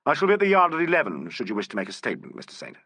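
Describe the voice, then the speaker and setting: A man reading the part of a grave, courteous male Scotland Yard inspector with a dry, measured manner. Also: on the high side, huge pitch swings, bright, forceful tone, no echo, heavily acted.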